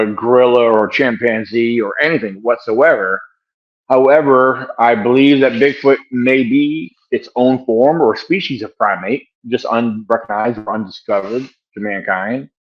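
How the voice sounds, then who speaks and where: Older male guest, rambling, filler-heavy, muffled home call audio. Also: mid-range voice. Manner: rambling, many fillers and restarts, chuckles. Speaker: wildlife and bigfoot researcher guest. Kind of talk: casual interview answers. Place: home room by the garage.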